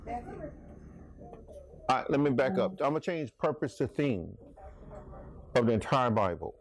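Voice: medium pitch, expressive, moderate pace, gravelly, a little mellow. A Bible study leader teaching an interactive class, asking questions and making jokey asides.

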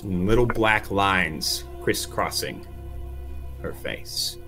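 Man, game master, relaxed, halting, slow, faint music. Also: sits low. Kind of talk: narrating a tabletop game.

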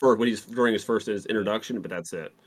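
A man's voice: fairly low pitch, fast talker, a crowd in the background. A man co-hosting a casual podcast, chiming in with short agreements and jokes. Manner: brief agreeing interjections, joking. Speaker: podcast co-host. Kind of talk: casual chat.

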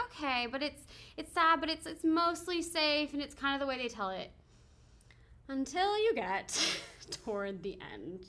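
Pushed and bright, her high-pitched voice carries a loose, rambling story as she co-hosts a podcast. The conversation is casual, peppered with laughter and filler words.

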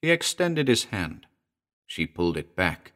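Deep-voiced man reading a horror story. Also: big pitch swings, measured pace. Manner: dramatic, shifts between hushed and urgent. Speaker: narrator. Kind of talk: dramatic audiobook reading.

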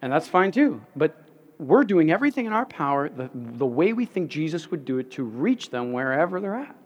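A man's voice: a little high, sing-song, brisk, dull audio. A man pastor preaching a sermon, telling stories animatedly, repeating words and laughing at himself.

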